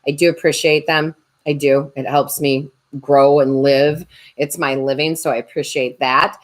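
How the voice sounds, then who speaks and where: A woman's voice: deep voice, fairly even intonation, a little slow. A woman tarot reader and medium chatting on a livestream, joking and reading viewer comments aloud. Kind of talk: casual livestream chat.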